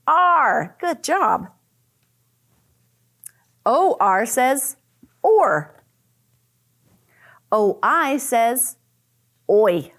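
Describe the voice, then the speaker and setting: A woman teaching a phonics lesson to young children, sounding out letter patterns slowly and praising often. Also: on the high side, big pitch swings, fairly bright tone. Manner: slow, exaggerated sounding out of letters; cheerful praise and questions to the listener. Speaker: first grade teacher.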